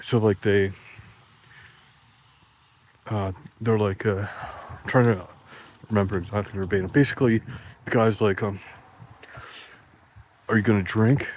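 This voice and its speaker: A man's voice: on the low side, fairly even intonation, measured pace, long pauses, a little mellow, slight background noise, poor audio. A man telling rambling stories in a casual monologue, full of "like" and restarts, swearing freely and laughing at his own jokes. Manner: swearing freely, voice jumps up when quoting himself.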